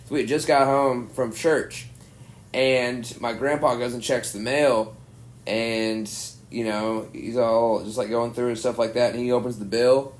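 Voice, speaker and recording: A man's voice: medium pitch, steady tone, measured pace. A young comedian from Arkansas spins a long, rambling story on a podcast. He swears casually and leans on "dude" and "like" as he goes. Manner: rambling, profane, says "dude" a lot. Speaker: stand-up comedian, podcast guest.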